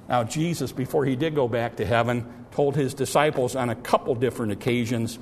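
A man preaching a sermon and explaining scripture verse by verse, often halting and repeating words as he goes. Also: medium pitch, slight background noise. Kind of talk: sermon, Bible exposition.

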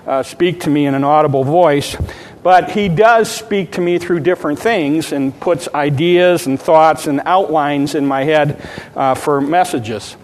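A man preaching a sermon as pastor, in a halting, folksy storytelling way with frequent fillers. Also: a little high, in a large hall.

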